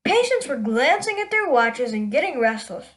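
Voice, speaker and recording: A woman's voice: sits high, very animated, normal speed, low-quality recording. A woman hosting her own show, telling a string of jokes and laughing at her own punchlines. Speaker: show host.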